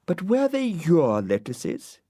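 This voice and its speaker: A man voicing a sweet, sensible young girl in a storybook, gentle and soothing. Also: fairly high pitch, huge pitch swings, slow pace, dry recording, studio quality, voice pushed up, exaggerated voice. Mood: questioning.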